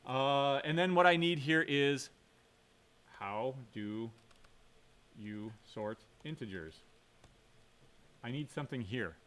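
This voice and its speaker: A man's voice: mid-range voice, takes it slowly, long pauses, a bit bright. A man giving a computer science lecture while coding, thinking aloud, quizzing the class and correcting himself.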